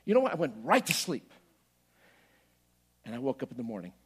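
A middle-aged male pastor preaching a story-filled sermon, swinging from quiet asides to loud bursts as he acts out his own prayers. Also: mid-range voice, wildly swooping pitch, fairly quick, slightly rough.

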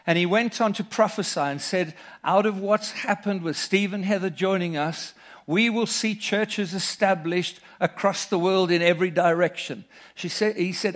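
A man's voice: high voice, moderate pace. A middle-aged man preaching a sermon, reading scripture aloud and telling personal stories in an earnest manner. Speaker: pastor.

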